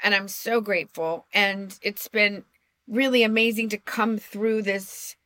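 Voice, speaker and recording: A woman's voice: mid-range voice, steady tone, a little slow, pushed and bright, no echo, studio quality. A middle-aged woman co-hosting a podcast, telling personal stories in a chatty, self-deprecating way with frequent restarts. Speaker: podcast co-host. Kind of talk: casual storytelling chat.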